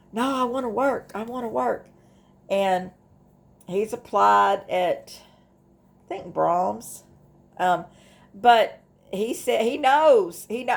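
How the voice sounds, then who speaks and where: A middle-aged woman with a drawl talks to the camera in a personal vlog. Her voice has a gravelly fry, and she speaks slowly. She rambles, doubling back and restarting her sentences as she goes. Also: a little high. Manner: rambling, with many restarts and asides. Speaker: vlogger. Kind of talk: casual talk to camera about grief.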